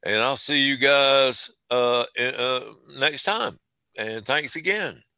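A man's voice: mid-range voice, takes it slowly, bright, forceful tone, clean tone, dry recording. A man hosting a casual chat show, rambling along with lots of fillers and restarts. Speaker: podcast host.

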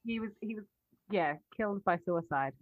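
A woman's voice: medium pitch, lively intonation, normal speed, narrow, tinny audio. An Australian woman in casual podcast chat, chatty and often laughing, trailing off mid-thought. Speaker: podcast co-host.

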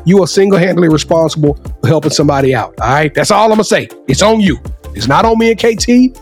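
A man hosting a sports talk podcast, closing the show with energetic, emphatic hype. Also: a little high, fast, faint music behind. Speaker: podcast host. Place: Dallas.

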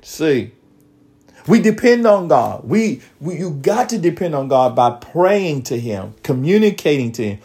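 Male preacher, slow drawn-out sermon, kinda high voice, shouts out between bible verses. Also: very animated. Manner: reads scripture slowly and exclaims between verses; calls out to listeners.

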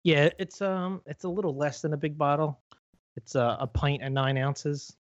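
A man's voice: a little high, steady tone, moderate pace, no room sound. Rambling man on a dull-sounding podcast. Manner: rambling, lots of fillers and restarts. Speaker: podcast co-host. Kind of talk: casual chat.

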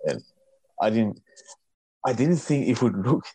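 A man guesting as a film critic on a podcast, talking in a halting way, searching for words and laughing often. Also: medium pitch, very animated, mellow, husky, no room sound. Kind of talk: casual film chat.

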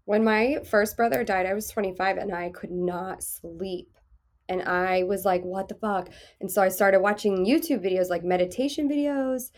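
A woman in her thirties hosts a casual podcast chat in a soft, soothing voice. She speaks frankly, swears freely and laughs often, at a medium pitch. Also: moderate pace. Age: 30s. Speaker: podcast host.

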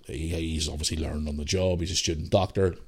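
Husky, extremely low, and brisk, the voice belongs to a Northern Irish man in his thirties hosting a podcast. He spins casual anecdotes animatedly, swearing a little and performing the voices of the people involved.

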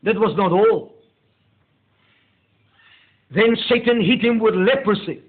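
A male pastor delivering a meditative sermon, slow and deliberate, leaning hard on key words. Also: sits high, slightly rough. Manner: slow, deliberate preaching with drawn-out emphasis. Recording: tinny phone-like audio.

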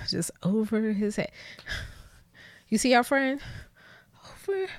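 A woman's voice: on the high side, sing-song, takes it slowly, no echo. A woman hosting a podcast in casual chat, playful and chatty, laughing often and dropping into whispered asides. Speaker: podcast host.

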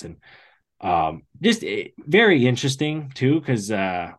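A man co-hosting a podcast in casual chat, telling stories with big swings in his voice. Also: a little slow. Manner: animated storyteller with big pitch swings.

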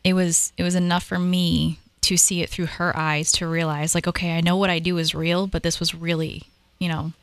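A woman in her thirties recounts ghost encounters in a chatty, animated way, rushing through stretches and padding with fillers. Her voice sits fairly low for a woman. The sound is dry and close. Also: no room sound. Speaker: paranormal investigator, guest. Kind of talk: casual storytelling conversation.

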